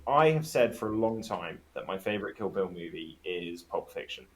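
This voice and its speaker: A man's voice: sits low, lively intonation, moderate pace. A man guest on a casual podcast chat, telling stories with enthusiasm and swearing freely.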